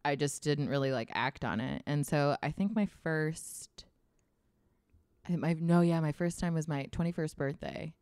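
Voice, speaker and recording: A young woman with a notably low voice tells a frank, laugh-filled personal story in a relaxed chat. She swears freely and acts out other people's lines. The recording is dry and close, with no room sound. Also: a little slow, smooth, no room sound. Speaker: podcast guest sharing a personal story. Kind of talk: casual chat.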